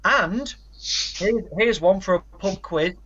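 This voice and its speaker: A man with a somewhat high voice co-hosts a casual podcast chat, rattling off facts and titles and slipping in dry asides. The audio is dull and lo-fi. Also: slow pace, fairly bright tone, slight background noise. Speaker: podcast co-host.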